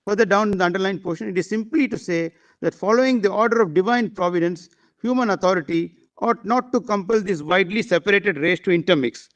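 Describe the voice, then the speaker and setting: A man's voice: high voice, fast, dull audio. A man arguing a case before a bench of judges, deferential and hesitant, constantly saying "my lord". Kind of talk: courtroom argument.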